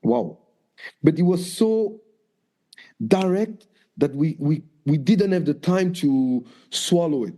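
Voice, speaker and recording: A man's voice: a little high, takes it slowly. A man from France with a French accent, a guest dancer telling stories in a casual interview and acting out what people said. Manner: animated, acts out quotes in raised voices.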